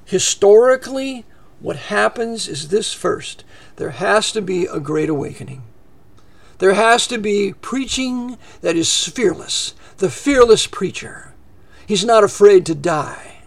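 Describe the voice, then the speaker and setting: A man's voice: sits high, animated, slow, vocal fry. A man preaching a fiery political sermon, heated and sarcastic, rambling with restarts.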